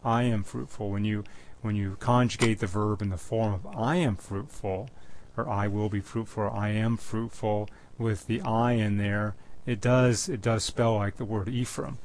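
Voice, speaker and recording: A man with a lowish voice delivers a Bible-teaching sermon. He speaks in a measured, repetitive manner, often pausing and restarting his phrases. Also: steady tone, a little mellow. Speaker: preacher.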